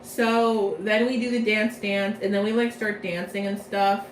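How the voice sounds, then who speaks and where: A woman's voice: medium pitch, flat delivery, measured pace, slight background noise. Chatty young woman with a roomy echo. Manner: chatty, slangy, rambling, playful. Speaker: vlogger. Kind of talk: casual plot recap from memory.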